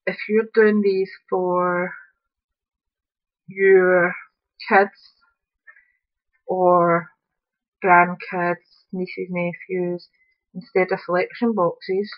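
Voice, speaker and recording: A woman's voice: fairly low pitch, flat delivery, extremely slow, long pauses, highs cut off. A woman, chatting casually while demonstrating a craft project at home and thinking aloud as she works. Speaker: craft tutorial host. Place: upstairs room at home.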